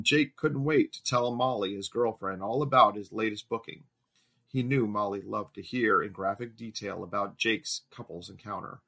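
Male narrator for an erotic audio story, lowish pitch, bright, forceful tone, steady measured delivery. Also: vocal fry.

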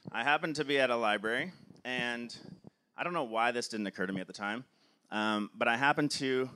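Energetic man giving a motivational talk. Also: mid-range voice. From Cleveland, USA. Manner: enthusiastic, frequent filler "like". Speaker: film producer.

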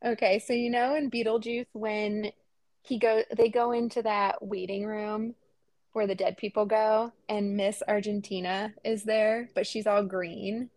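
A woman's voice: medium pitch, flat delivery, unhurried, darkish tone, no room sound. A woman in her thirties co-hosting a podcast, telling stories in casual chat and laughing often. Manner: chatty storyteller, laughs often. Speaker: podcast co-host.

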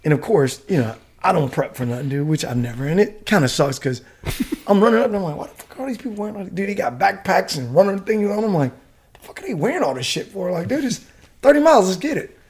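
Husky middle-aged guy telling a story fast, cussing a lot. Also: high-pitched. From United States. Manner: profane, animated storyteller. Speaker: guest, retired Army warrant officer. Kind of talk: casual storytelling.

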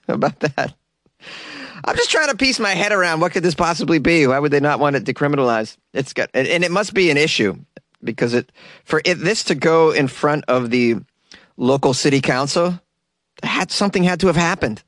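A man's voice: a little high, lively intonation, a little fast, a bit bright, dry recording. A man hosting a comedic news show, reading odd stories with sarcastic asides and laughter.

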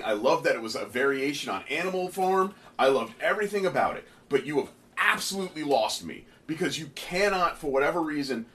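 A man with a somewhat high voice hosts a casual comic review show. His pitch swings widely as he rants in exasperation. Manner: animated, exasperated ranting. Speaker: comic book podcast host.

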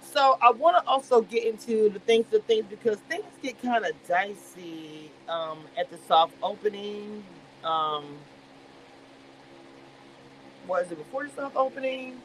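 A man's voice: high-pitched, measured pace, slight background noise, poor audio. A man casually recapping a reality show on a livestream, telling it animatedly with playful slang and acting out what people said. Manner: animated storytelling, dramatic voicing of quotes. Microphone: livestream webcam mic.

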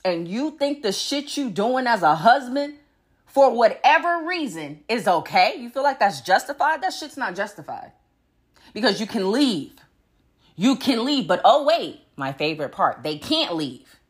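Animated, profane woman ranting on her podcast. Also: unhurried, breathy edge. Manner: blunt and profane, swinging between loud emphasis and low muttering; laughs between points. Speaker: podcast host. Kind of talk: casual solo podcast rant.

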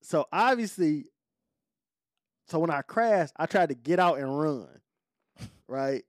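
A man hosting a podcast, telling a story in a casual, profane, animated way. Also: fairly high pitch, slow pace. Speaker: podcast host.

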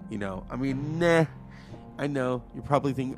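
A man's voice: medium pitch, lively intonation, normal speed, darkish tone. A congested man in his forties hosting a solo podcast, chatty and digressive. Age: 40s. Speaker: podcast host. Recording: music playing behind.

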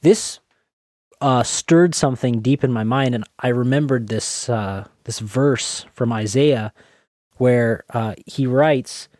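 A man with a mid-range voice answers thoughtfully and pauses often on ums and uhs. He quotes scripture as he talks. The recording is close and dry. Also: mid-range voice, darkish tone, no echo. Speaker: podcast co-host. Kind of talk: conversational theological discussion.

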